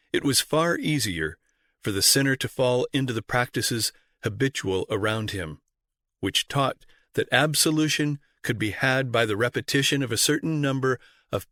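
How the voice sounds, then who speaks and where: A man reading a history audiobook aloud in a measured, formal narration style. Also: medium pitch, pushed and bright, no echo. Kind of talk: scripted narration.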